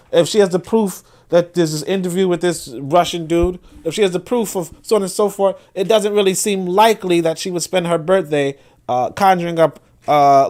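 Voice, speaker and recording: High-voiced Brooklyn man, emphatic livestream host. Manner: emphatic, repeats words when building a point; reads viewer comments aloud. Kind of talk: casual livestream commentary.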